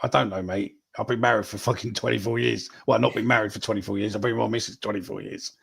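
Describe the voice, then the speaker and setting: A man's voice: lowish voice, steady tone, fast, creaky, fairly bright tone, husky. A man, hosting a casual live podcast chat, swearing freely as he reads out viewer predictions. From England. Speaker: podcast host.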